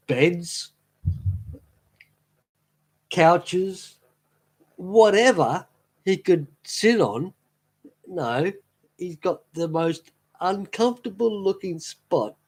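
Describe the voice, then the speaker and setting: A man chatting casually on a live stream, rambling fondly and laughing easily. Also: a little high. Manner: rambling, fond and easily amused. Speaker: streamer talking to chat.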